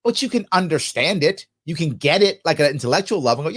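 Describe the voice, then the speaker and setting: Hosting a live political talk show, a man reads viewer comments aloud and answers them emphatically, often posing questions and answering them himself. He is animated, with jokey asides. His voice is on the high side, fast, with a breathy edge.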